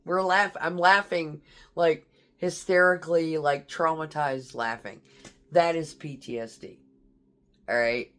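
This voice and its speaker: A woman's voice: sits low, steady tone, a little slow, a bit bright. Blunt, profane woman veteran telling war stories. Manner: profane, blunt, laughs through tense memories. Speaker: military veteran. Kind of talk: casual storytelling.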